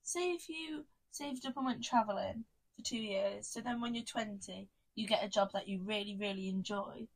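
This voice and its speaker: A woman's voice: mid-range voice, moderate pace, husky. A young woman co-hosting a podcast, chatting casually with lots of "like". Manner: chatty, lots of "like", bursts of loud laughter. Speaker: podcast co-host. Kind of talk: casual chat.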